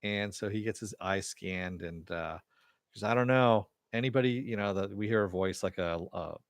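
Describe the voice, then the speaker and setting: Low-voiced man recapping a TV episode. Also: moderate pace, dry recording, clean studio sound. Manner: rambling, filler-heavy retelling with chuckles. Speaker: TV episode reviewer.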